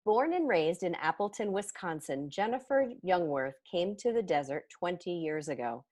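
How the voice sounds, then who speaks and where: A woman's voice: on the low side, lively intonation, normal speed, darkish tone. A woman hosting a podcast interview, reading a prepared introduction and then asking questions in a friendly, chatty way. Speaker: podcast host.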